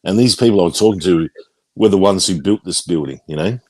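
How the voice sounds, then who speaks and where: Casting note: very deep male voice, dry close sound, loose rambling anecdote with fillers and swearing. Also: fast talker, darkish tone, no room sound. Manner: rambling storyteller, swears casually. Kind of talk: casual chat.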